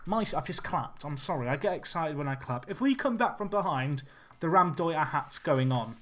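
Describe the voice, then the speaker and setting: A young man chatting with his viewers while he plays, excitable and casual. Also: a little high, moderate pace. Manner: chatty, excitable, talks to chat. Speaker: streamer. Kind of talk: live game commentary and chat. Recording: faint music behind.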